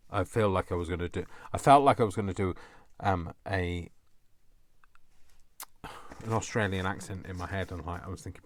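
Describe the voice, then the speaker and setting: A man's voice: deep voice, moderate pace, pauses often, no echo. A middle-aged man from Coventry, chatting playfully to himself while crafting. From England (Coventry). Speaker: craft vlogger. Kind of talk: casual chat while crafting.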